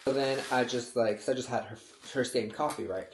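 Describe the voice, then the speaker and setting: A man vlogging a casual story in a gossipy way, with lots of "like", acting out quotes in sudden high squeals. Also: brisk. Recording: roomy echo with faint noise.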